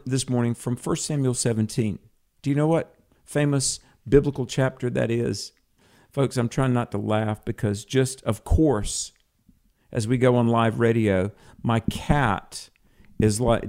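A creaky, slightly mellow, medium-pitched male voice runs a live Christian radio talk show out of a home studio where a cat is close by. His manner is cheerful and talkative, full of fillers and false starts.

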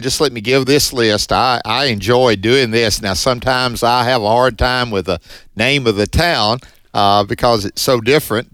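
A man's voice: mid-range voice, a bit bright, no room sound. Folksy Mississippi-accented radio man. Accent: Southern US, Mississippi. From Northeast Mississippi, USA. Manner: folksy, chatty and upbeat. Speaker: radio co-host. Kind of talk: Christian radio fundraiser chat. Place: radio studio. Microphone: studio microphone.

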